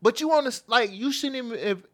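A man's voice: extremely high pitch, expressive, quick pace. A man co-hosting a casual, profane chat, emphatic and laughing often. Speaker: podcast co-host.

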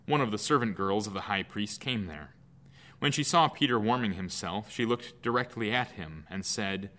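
A man reading a Bible passage aloud in a measured, clear way, as a lesson. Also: lowish voice, a bit bright. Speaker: scripture reader. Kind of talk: scripted scripture reading.

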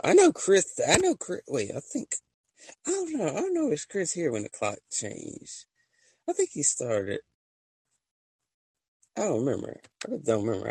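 A man hosting a casual podcast chat, talking to his listeners in a slangy, joking way that swings between loud and soft. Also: mid-range voice, creaky, breathy edge, no echo, poor audio. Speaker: podcast host. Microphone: voice-message app.

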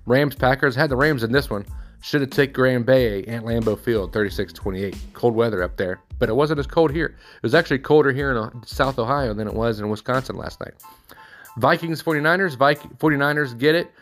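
Casting note: thirty-something man, relaxed sports recap host, rambling and offhand, faint music behind. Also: mid-range voice, fairly quick. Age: 30s. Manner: offhand, rambling score rundown with personal asides.

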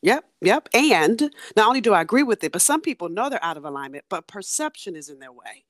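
A woman in her forties, a coach, speaking as a podcast guest and telling stories in lively, rapid bursts. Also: medium pitch, dry recording, clean studio sound. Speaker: business and transformation coach.

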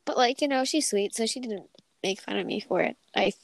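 A woman's voice: a little high, a little fast, gravelly, no echo, low-quality recording. A young woman co-hosting a casual chat, giggly and rambling, often cutting herself off mid-sentence. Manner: giggly, rambling, self-interrupting. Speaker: podcast co-host.

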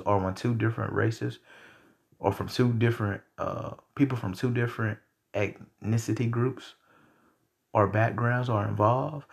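A man's voice: medium pitch, creaky, husky. A young man hosting a podcast, ranting bluntly and heatedly with lots of profanity. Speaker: podcast host. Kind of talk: casual rant.

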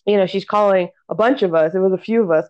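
A woman's voice: mid-range voice, fast talker, darkish tone. A woman co-hosting a podcast, telling a story in casual chat, laughing hard and swearing freely. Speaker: podcast co-host. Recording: dull lo-fi sound.

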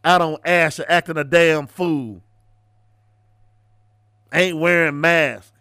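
A man rants on a radio talk show, preachy and mocking, swinging from loud tirades to low asides. His voice sits a bit high. The sound is dry and close. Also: steady tone, takes it slowly, clear, resonant tone, no room sound. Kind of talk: casual radio commentary.

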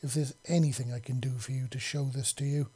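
A man voicing a scarred young human man who speaks softly. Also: mid-range voice, steady tone, brisk, husky, close to an everyday voice. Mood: grateful. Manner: soft-spoken.

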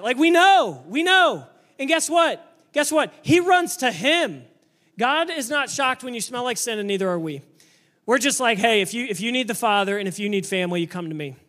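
A man preaching a sermon to a church congregation, energetic and emphatic, sometimes building up to shouting. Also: very high-pitched. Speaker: pastor.

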